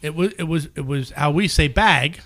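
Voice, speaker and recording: A man's voice: on the high side, moderate pace, a bit bright. A man bantering casually with friends, laughing often and teasing.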